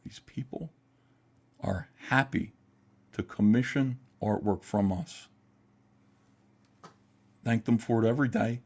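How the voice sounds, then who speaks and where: A man's voice: fairly low pitch, slow, pauses often, darkish tone. A man hosting a livestream, talking in a heated, profane, emphatic way while ranting and reading chat. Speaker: livestream host.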